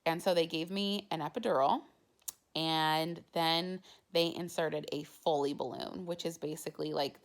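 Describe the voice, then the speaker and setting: Gravelly low-voiced young woman vlogger. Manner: chatty, heavy use of "like" fillers. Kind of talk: casual personal storytelling.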